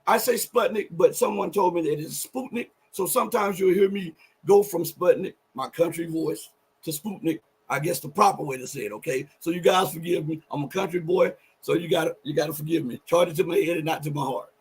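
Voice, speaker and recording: A man hosting a live political commentary show, talking emphatically and rambling through self-corrections, often rising to near-shouts. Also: on the high side, fast, husky. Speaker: show host.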